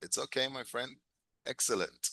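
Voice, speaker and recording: A man's voice: medium pitch, normal speed, gravelly, pushed and bright, no room sound. A man teaching an English class, encouraging his students, drilling phrases and chuckling often.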